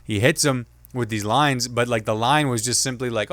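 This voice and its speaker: A man hosting his own comedy commentary show, talking casually and jokingly, slipping into quick impressions of other people. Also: medium pitch, fairly bright tone, no echo, clean studio sound. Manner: chatty, jokey, mimics others in quick asides. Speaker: podcast host and comedian.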